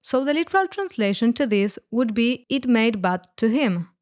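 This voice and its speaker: Woman explaining language points clearly. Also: a little high, big pitch swings. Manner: clear, deliberate explaining, slowing on example words. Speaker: Spanish teacher. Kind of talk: scripted language lesson narration.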